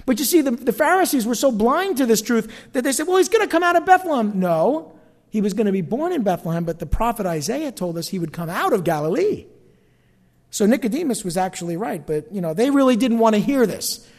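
A man's voice: sits high, big pitch swings, fairly quick, darkish tone, long reverb tail. A man with a North Jersey accent, preaching a sermon in a chatty way, full of asides and questions to the congregation. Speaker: pastor.

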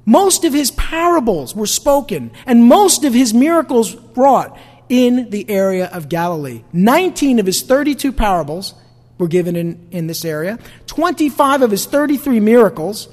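Pastor, male, New York-New Jersey accent; chatty sermon full of rhetorical questions, animated delivery, long hall reverb. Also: very high voice, normal speed. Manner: conversational preaching with rhetorical questions to the congregation.

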